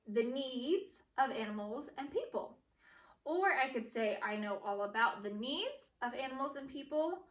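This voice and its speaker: A young woman teacher models writing for young students, slowly sounding out each word as she writes it. Her voice is bright and a little high, and it sounds roomy and echoey from a bit off the mic. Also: distant mic. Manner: slow, deliberate, says each word aloud as she writes it.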